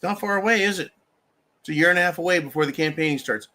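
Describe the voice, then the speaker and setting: A man hosts a live stream in a bright, forceful voice, sitting a little high for a man. He rants with anger and constant profanity. He breaks off to thank viewers for donations. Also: fast talker. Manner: angry, heavily profane. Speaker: livestream host. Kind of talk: political rant on a live stream.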